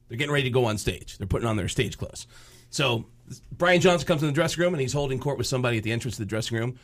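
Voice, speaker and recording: A man, a comedian guest on a radio show, telling a story with fast, excited delivery and shouting character voices. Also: medium pitch. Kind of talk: animated comic storytelling on radio.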